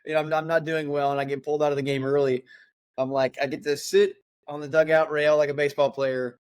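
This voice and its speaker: A middle-aged man co-hosting a podcast, telling a story in casual chat, animated and laughing as he acts out quotes. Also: a little high, quick pace, clean tone, dry recording, studio quality. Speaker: podcast co-host.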